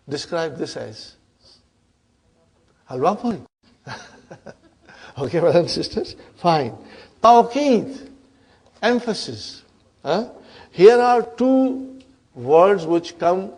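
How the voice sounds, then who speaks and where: High-pitched guy teaching arabic grammar, classroom lecture, keeps asking "huh?" to check the class. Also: a little mellow. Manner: checks understanding with frequent "huh?" and "brothers and sisters"; repeats and spells out grammar terms step by step.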